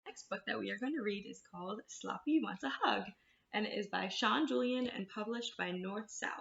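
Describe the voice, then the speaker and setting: A woman's voice: medium pitch, normal speed, gravelly, slight background noise. A woman librarian reading picture books aloud to children, talking to them in a sing-song way. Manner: warm, sing-song, talks to kids. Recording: roomy, slightly dull sound.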